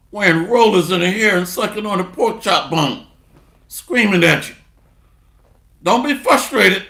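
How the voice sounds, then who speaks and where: High-voiced man preaching a sarcastic sermon. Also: reverberant. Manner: sarcastic, repeats refrains, swings from low mutter to loud bursts. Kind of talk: street sermon with scripture reading.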